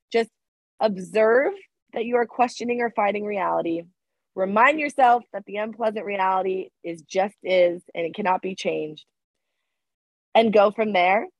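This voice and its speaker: A woman with a medium-pitched voice co-hosts a podcast, chatting casually but speaking with emphasis and repeating points to drive them home. She sounds sick, and the recording is dry, with a dull lo-fi quality.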